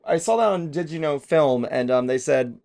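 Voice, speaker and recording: A man with a gravelly, creaky voice chats casually as a co-host of a trailer reaction show. He rambles from point to point, pokes fun at himself, and swears freely along the way. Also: fairly high pitch, animated, moderate pace, darkish tone. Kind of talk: casual chat.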